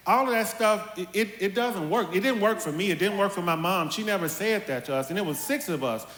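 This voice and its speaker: High, bright-voiced man in a hall. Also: brisk. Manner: animated, with lively put-on quotes of his mother. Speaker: panelist. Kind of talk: candid storytelling on a church panel. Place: church hall. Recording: echoey hall with faint ambience.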